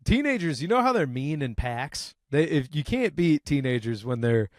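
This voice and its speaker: A young man co-hosting a podcast in casual banter, crude and loud, laughing often and acting out quotes, sweating in a hot room. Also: a little high, very animated, moderate pace, no room sound, clean studio sound. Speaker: podcast co-host.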